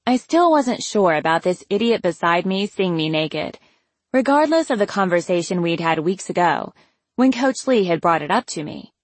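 A woman narrating a first-person audiobook in a wry, even way, close to the mic. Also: fairly low pitch, moderate pace, no room sound.

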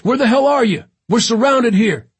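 A man voicing a tough, cursing male soldier who is shouting. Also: fairly high pitch, sing-song, normal speed, breathy edge, voice pushed up, full character voice. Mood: shouting, tense.

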